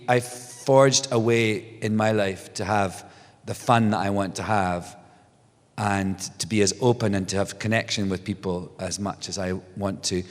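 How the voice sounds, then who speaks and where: Guy in his middle years chatting on stage, lowish voice, big reverby hall, jumpy animated storytelling. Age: middle-aged. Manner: animated storyteller, restarts, laughs often. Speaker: guest author. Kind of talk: casual onstage conversation. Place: stage before a live audience.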